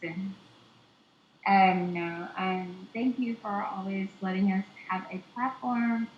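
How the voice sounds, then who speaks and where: A woman's voice: medium pitch, fairly even intonation, slow pace, slight background noise. A woman from the American South, a guest on a casual online show, talking over a remote call with many ums and teasing asides. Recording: dull, echoey call audio.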